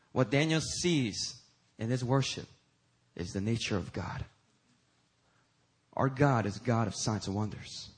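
A man preaching a sermon as pastor, emphatic, rising to high, loud peaks and talking casually to the congregation. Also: measured pace, pauses often, husky, poor audio. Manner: uses y'all and casual asides to the congregation.

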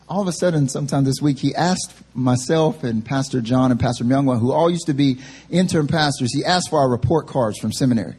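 A young adult male pastor preaching a sermon at a church service, telling a funny story about himself in an animated way. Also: mid-range voice, husky. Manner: animated, self-deprecating storytelling. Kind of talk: sermon with humorous personal story.

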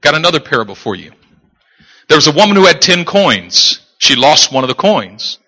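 A man preaching a sermon in a lively, animated way, joking and acting out characters in the stories he tells. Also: a little high, normal speed. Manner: animated, jokes and acts out quoted characters. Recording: long hall reverb.

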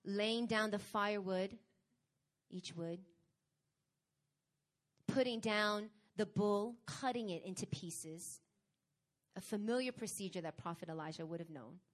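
A woman preaching a sermon, reading scripture and telling her own testimony, with emphatic bursts that drop to quiet, casual asides. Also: mid-range voice. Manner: casual, conversational retelling with fillers.

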